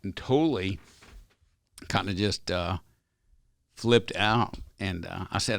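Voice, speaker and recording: A man's voice: deep voice, takes it slowly, gravelly, a bit bright, no room sound, studio quality. A man being interviewed on a podcast, telling stories in a folksy, earnest, rambling way. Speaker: ranch company owner, podcast guest. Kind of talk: casual interview storytelling.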